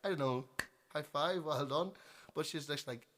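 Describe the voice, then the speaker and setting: A young Northern Irish man chats to his livestream viewers, spinning a funny story. He is self-deprecating and animated, often breaking off to correct himself. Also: on the high side, normal speed. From Northern Ireland. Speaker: musician on livestream. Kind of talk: casual storytelling.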